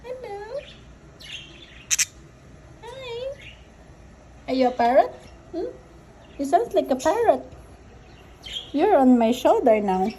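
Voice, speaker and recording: Pet owner, woman, very high sing-song baby talk, very slow, faint home noise behind. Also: big pitch swings, warm tone.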